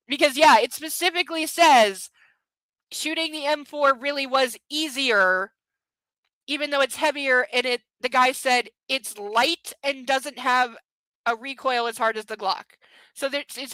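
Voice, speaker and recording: A woman's voice: sits high, fairly bright tone, dry recording, poor audio. A young woman hosting a book club, reading a novel aloud with sarcastic, mocking asides. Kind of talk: comedic book reading with commentary.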